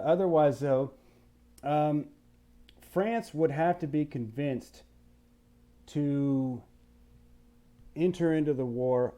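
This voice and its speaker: A man teaching a history lesson in a playful, animated way, asking the listener questions and now and then putting on voices. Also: medium pitch. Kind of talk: recorded history lecture.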